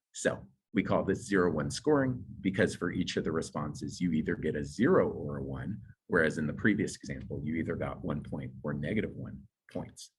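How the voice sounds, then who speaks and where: A man's voice: rumbling low, slightly rough, low-quality recording. A man lecturing on exam scoring in a conversational way, with asides and fillers, his voice slightly going. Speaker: nursing exam instructor. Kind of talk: explanatory lecture.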